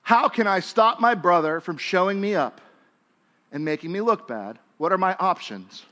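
A man with a fairly high voice delivers a sermon like he is talking with friends. He drops to near hushes and then rises to emphatic lines, and he slips into casual speech to act out the biblical figures. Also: lively intonation, normal speed. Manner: conversational, swings between hushed and emphatic. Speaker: pastor.

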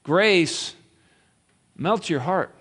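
A man's voice: sits high, animated, drawn-out words, a bit bright. A man preaching a sermon, retelling a story in a playful way with laughs and acted-out quotes. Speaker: pastor.

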